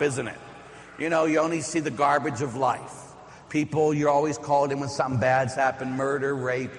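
A middle-aged man, a priest, preaching a sermon with stories, slowing down to stress key lines. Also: on the high side, big-room sound. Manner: storytelling, emphatic with slow stressed lines. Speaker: Catholic priest.

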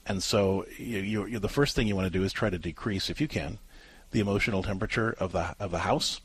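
A man's voice: low voice, fast, husky, no echo. A man co-hosting a parenting advice show, explaining at length with frequent restarts and fillers.

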